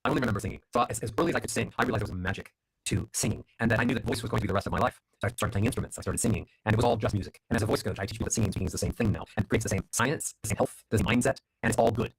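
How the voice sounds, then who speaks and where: A man working as a voice coach, telling animated stories as an interview guest. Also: fairly low pitch, rapid-fire, slightly rough, no room sound, low-quality recording. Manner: animated storyteller, acts out voices in quotes.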